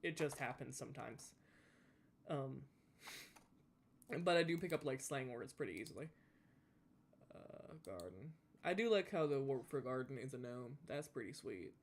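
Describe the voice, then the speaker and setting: With big pitch swings around a medium pitch, a young adult with a Southern US accent speaks at a moderate pace and pauses often, with slight background noise. They're a gaming YouTuber chatting casually while playing, rambling with many restarts.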